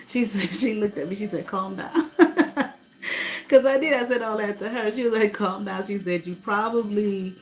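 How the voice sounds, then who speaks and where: A middle-aged woman telling a personal story in a casual way, animated, swearing freely and acting out what people said. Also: on the low side, poor audio. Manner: animated, swearing, laughing, acts out quotes. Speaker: host.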